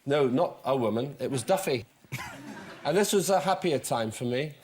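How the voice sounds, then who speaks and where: A man's voice: mid-range voice, expressive, normal speed, heavy background noise. Self-mocking man on a comedy panel. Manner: self-deprecating and joking. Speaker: panel show guest, former politician. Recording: live studio with loud audience laughter.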